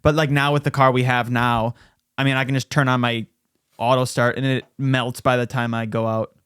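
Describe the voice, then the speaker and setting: A man's voice: medium pitch, level tone, normal speed, a bit bright, clear, resonant tone, dry recording, studio quality. A young man co-hosting a podcast, laid-back casual chat with frequent swearing. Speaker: podcast co-host.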